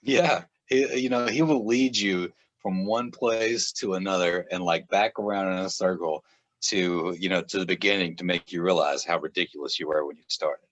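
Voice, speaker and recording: Man, low voice, rambling laughing storyteller; dry, muffled recording. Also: moderate pace, fairly bright tone, dry recording. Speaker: author guest. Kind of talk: casual podcast chat. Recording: dull, dry lo-fi sound.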